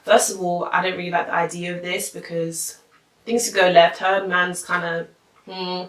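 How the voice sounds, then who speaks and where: Young woman, slangy rambling storytime, bright forceful voice, roomy echo. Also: on the low side, flat delivery, normal speed. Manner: rambling, slangy, frequent fillers. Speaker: vlogger. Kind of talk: casual storytime. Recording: echoey room.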